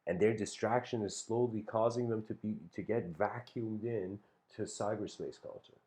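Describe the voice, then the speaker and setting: A man's voice: on the low side, steady tone, normal speed, a little mellow. A man giving a talk, telling a story in a laid-back, rambling way with lots of fillers and restarts. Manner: chuckles between phrases. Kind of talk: casual spoken storytelling and reflection.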